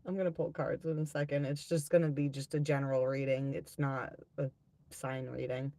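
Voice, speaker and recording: A woman's voice: rumbling low, flat delivery, fairly quick, mellow, no room sound. A woman hosting a live tarot-reading stream, chatting casually with viewers, reading out their comments and swearing freely.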